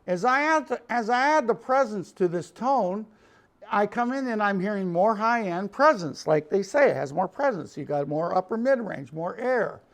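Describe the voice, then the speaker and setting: Man, Chicago accent, high-pitched, folksy studio producer, hands-on guitar lesson. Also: animated, moderate pace. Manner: folksy, calls people "Mister". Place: recording studio.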